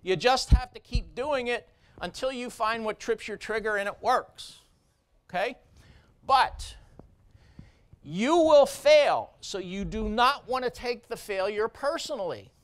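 Emphatic surgeon giving a keynote. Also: male voice, high-pitched, unhurried, fairly bright tone, clear, resonant tone. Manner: emphatic and blunt, punchy repeated phrases. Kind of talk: conference keynote speech.

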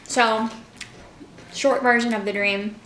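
A woman's voice: on the high side, steady tone, slow, reverberant, background noise. A young woman chatting casually to her viewers in a mukbang vlog, full of fillers like "like" and "you know". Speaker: vlogger. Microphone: camera mic.

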